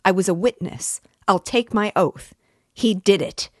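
A woman's voice: low voice, measured pace, no room sound, clean studio sound. Woman reading a hotly angry young idealist. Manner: heated, insistent accusing. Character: earnest, principled young man, hotly angry.

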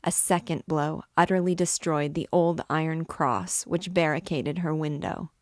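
A woman reads a classic novel aloud in a low, unhurried voice. Her storytelling is measured and expressive, with a dry, close sound and no room echo. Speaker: book reader and guide. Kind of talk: literary read-aloud narration.

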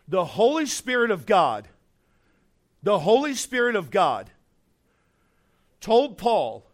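A middle-aged man preaching a sermon as a pastor, emphatic, dropping to quiet asides and rising to loud bursts. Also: sits high, huge pitch swings, measured pace, long pauses.

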